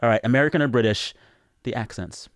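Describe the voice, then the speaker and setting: A man hosting a podcast, playful and quick, leading a question game with his guest. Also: medium pitch, no echo, clean studio sound. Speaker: podcast host. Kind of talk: casual podcast conversation.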